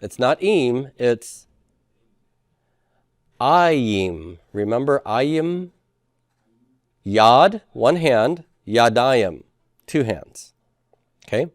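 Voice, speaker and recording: A man with an expressive mid-range voice lectures slowly with long pauses, recorded at studio quality with no room sound. He walks students through the material step by step, often checking their understanding, with many fillers.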